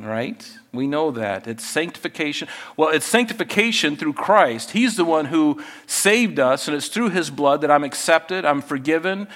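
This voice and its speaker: A middle-aged male pastor preaching a sermon, his voice sitting a little high for a man. He talks to the congregation in an easy, conversational way and keeps putting questions to them. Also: a bit bright.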